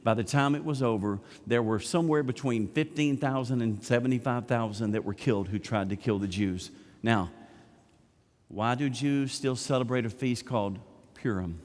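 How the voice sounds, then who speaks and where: Pastor retelling a story in a hall. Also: male voice, mid-range voice, moderate pace. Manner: animated retelling, acting out characters' lines. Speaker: senior pastor. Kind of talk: sermon storytelling. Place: large church sanctuary. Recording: long church hall reverb.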